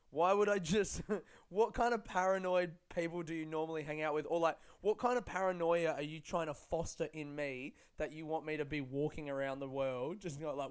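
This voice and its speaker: A young man hosts his own podcast alone, wandering loosely through stories with plenty of swearing and laughter. His voice sits a little high for a man and sounds smooth and resonant, with a casual, chatty delivery. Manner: rambling, profane, quick to laugh. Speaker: comedian and podcast host. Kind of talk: casual solo podcast storytelling.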